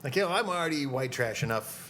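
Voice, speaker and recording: A man's voice: mid-range voice, expressive, quick pace, a bit bright, a little hiss or hum. A man from Minnesota in a casual podcast chat, telling stories with dry jokes. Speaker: podcast co-host.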